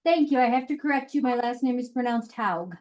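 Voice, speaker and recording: A woman's voice: sits high, steady tone, fast, a little mellow. A woman funeral director answering interview questions in a frank, matter-of-fact way. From Colorado. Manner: frank, matter-of-fact, speaks her mind. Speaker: funeral director and mortuary educator.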